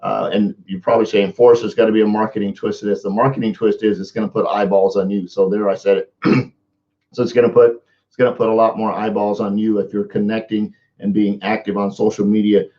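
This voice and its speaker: A man's voice: on the low side, level tone, brisk, warm tone, highs cut off. A man coaching viewers in a casual live social media talk, often repeating words and restarting his sentences. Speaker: motivational coach.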